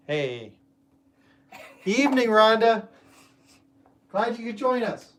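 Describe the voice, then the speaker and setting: A man's voice: high voice, big pitch swings, slow pace, a little hiss or hum. A man hosting a casual live stream, chatting and greeting viewers by name with plenty of fillers. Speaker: host.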